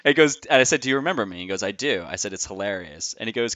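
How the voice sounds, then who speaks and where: A man hosting a podcast interview, enthusiastic and quick to laugh as he retells conversations. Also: on the low side, lively intonation, fairly bright tone, dry recording. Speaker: podcast host.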